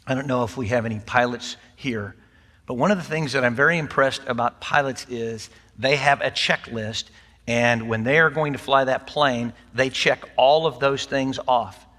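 A man's voice: mid-range voice, normal speed, fairly bright tone. An older man preaching a sermon to his congregation in a folksy, conversational way, mixing in light humor. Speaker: pastor. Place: church sanctuary. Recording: long hall reverb.

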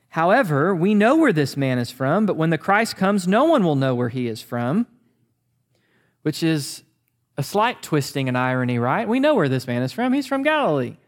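Male pastor, animated preaching, slightly high pitch. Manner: animated, conversational preaching with restarts. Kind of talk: sermon.

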